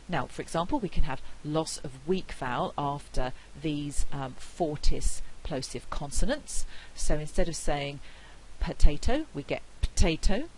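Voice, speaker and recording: A woman giving a recorded phonetics lecture, explaining carefully and repeating example words slowly. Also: low voice, a little mellow, slight background noise, poor audio.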